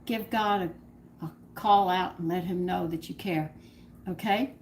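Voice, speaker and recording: A woman's voice: lowish voice, a little slow, a little hiss or hum, rough recording. Chatty older woman telling a story. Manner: chatty, rambling, laughs often, acts out dialogue. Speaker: cooking channel host. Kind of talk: casual storytelling to viewers.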